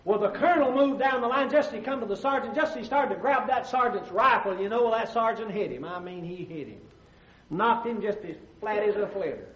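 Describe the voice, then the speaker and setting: A man's voice: high-pitched, a little fast, a bit bright. A man with an Alabama accent, a pastor telling folksy comic stories with drawling asides. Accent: Southern US, Alabama. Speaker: pastor and comedian. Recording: roomy, dull old comedy record.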